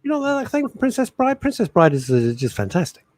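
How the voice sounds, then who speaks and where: Man, middle-aged, radio co-host, joking banter, very animated pitch. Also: fairly quick, no echo. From England. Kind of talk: casual chat radio show.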